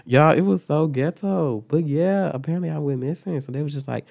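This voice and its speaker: A young man telling a profane storytime on his vlog, animated and jumping his pitch and volume up when he quotes people. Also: fast, gravelly. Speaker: vlogger.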